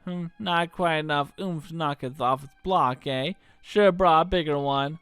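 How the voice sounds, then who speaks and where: A man voicing a cocky young female thief who talks with a rough Australian-style twang and slangy speech. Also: on the high side, unhurried, no echo, soft background music. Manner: cocky, slangy, drops into shouts of rage.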